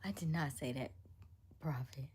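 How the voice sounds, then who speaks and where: A young woman chatting casually on a live stream, laughing often and dropping into soft whispered asides as she reacts to chat. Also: low-pitched, moderate pace, slightly rough.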